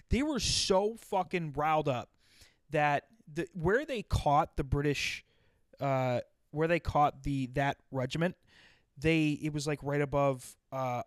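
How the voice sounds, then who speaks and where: A man with a slightly higher voice tells long, profane stories in loose casual chat. He restarts often and piles on fillers. The sound is dry and close to the mic. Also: dry recording. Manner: profane, rambling storyteller with many restarts.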